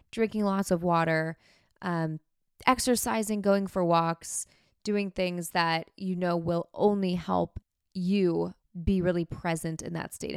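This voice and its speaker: A woman's voice: lowish voice, smooth, no room sound, clean studio sound. A woman hosting a podcast, talking frankly and chattily about herself in a candid self-help monologue. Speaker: podcast host.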